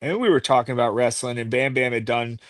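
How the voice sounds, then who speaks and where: A man's voice: medium pitch, fast, fairly bright tone, no echo, studio quality. Chatty middle-aged man telling wrestling stories. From United States. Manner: chatty, rambling anecdotes with many fillers. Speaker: pro wrestling guest. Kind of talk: casual interview storytelling.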